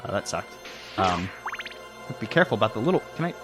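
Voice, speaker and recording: A man's voice: lowish voice, very animated, fast talker. Rambling man with game music behind. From Texas. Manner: rambling, filler-heavy, self-deprecating. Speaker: let's play commentator. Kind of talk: casual gameplay commentary. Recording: game music playing under the voice.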